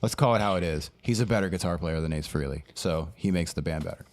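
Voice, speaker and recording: A man's voice: low voice, quick pace. A man co-hosting a podcast, rambling through an anecdote with fillers. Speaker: podcast co-host. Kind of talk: casual chat, storytelling.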